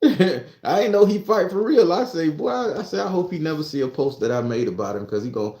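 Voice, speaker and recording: A man's voice: fairly high pitch, animated, brisk, darkish tone, echoey room. A man who works as a spiritualist and tarot reader, talking to his followers in a casual monologue that is profane and preachy and full of joking asides.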